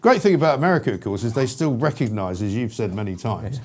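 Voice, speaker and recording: A man's voice: mid-range voice, fast talker. An English man co-hosting a casual opinion talk show, telling anecdotes with frequent laughs and asides. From England. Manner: animated storytelling, laughs often, trails into asides.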